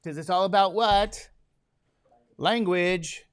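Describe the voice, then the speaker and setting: A man's voice: sits high, takes it slowly, clean tone. A man teaching a class, who jokes and keeps asking his students questions, drowsy from medication. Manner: joking, asks the class many questions. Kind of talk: classroom lecture.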